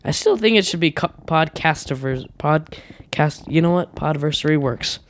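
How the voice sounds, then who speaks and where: With a fairly high, expressive voice at a moderate pace and a faint hiss or hum, a teenage podcast host chats casually from his home basement. He hesitates, restarts, uses lots of fillers, and laughs a lot.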